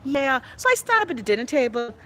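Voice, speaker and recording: A Bahamian woman hosting her own livestream show, telling stories and reading viewer comments in a loud, animated way. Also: high-pitched, fast talker, rough recording. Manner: animated, loud storytelling with bursts of laughter.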